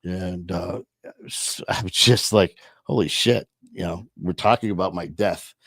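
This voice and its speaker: A man hosting his own show, telling a personal story in a slow, reflective way with many pauses and fillers. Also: low-pitched, fairly even intonation, fairly bright tone, dry recording, clean studio sound.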